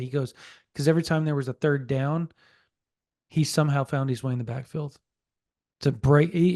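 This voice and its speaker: Animated, mellow-voiced podcast co-host man. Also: fairly high pitch, no echo, clean studio sound. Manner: animated storyteller who relays a source's quotes. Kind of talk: casual sports podcast chat.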